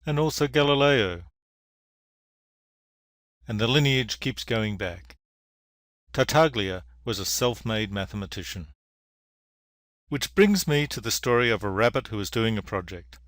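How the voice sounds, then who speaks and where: Measured male professor, dry sound. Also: lowish voice, lively intonation, fairly bright tone, no room sound. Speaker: engineering professor giving an award lecture. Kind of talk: public lecture with a told fable. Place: lecture venue.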